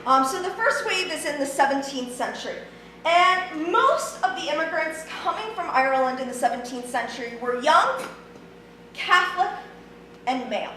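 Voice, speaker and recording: High-voiced woman lecturing in an echoey hall. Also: expressive, normal speed, pushed and bright. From Ohio, USA. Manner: friendly, conversational, many ums. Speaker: history lecturer. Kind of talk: public lecture. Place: large church hall. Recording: very echoey hall, distant mic, faint noise.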